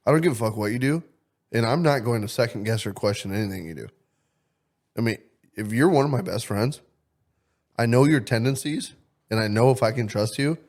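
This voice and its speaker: A man's voice: medium pitch, a little mellow. A young man co-hosting a podcast in casual, profane banter, joking crudely and swearing constantly. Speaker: podcast co-host.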